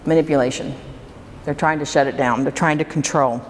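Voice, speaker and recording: A woman's voice: low-pitched, fairly even intonation, brisk. A woman presenting a workshop to a live audience, talking conversationally and putting questions to the room. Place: hall with an audience. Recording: reverberant hall, faint room noise.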